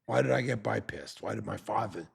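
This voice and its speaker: An older man teaching a Torah class, animated and fond of rhetorical questions, who acts out the people he quotes. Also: on the low side, a little fast, gravelly, breathy edge.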